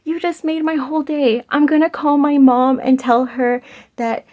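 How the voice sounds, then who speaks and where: A woman's voice: high-pitched, fairly even intonation, moderate pace, muffled recording, voice pushed up, lightly acted. A woman voicing a sweet seventeen-year-old girl who speaks effusively. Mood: overjoyed. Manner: overjoyed, effusive.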